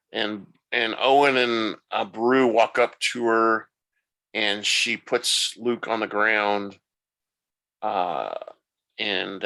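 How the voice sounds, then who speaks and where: A man's voice: lowish voice, sharp tone, poor audio. A man hosting a podcast, retelling the plot loosely in a casual recap and thinking aloud as he goes. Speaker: podcast host.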